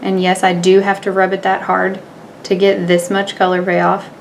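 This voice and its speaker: A woman's voice: mid-range voice, monotone, moderate pace, gravelly, a little hiss or hum. A young woman chatting casually as she demonstrates makeup, narrating each step in a candid, offhand way. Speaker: beauty vlogger. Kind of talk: casual makeup tutorial and review.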